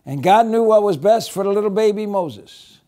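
Gentle, reassuring man teaching children. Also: high-pitched, expressive, moderate pace. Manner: gentle, reassuring storytelling, softening to a hush. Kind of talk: children's Bible lesson.

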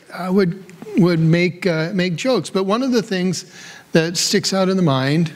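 A pastor delivers a sermon in a high, bright-pitched man's voice. His emphasis rises and falls as he reads scripture and then moves into storytelling. The words ring out with long reverb through a church sanctuary.

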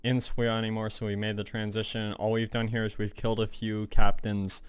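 A male gaming host rambling through casual let's-play commentary, full of fillers. His low voice is smooth and clear, recorded dry and close. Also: monotone, a little fast, no room sound.

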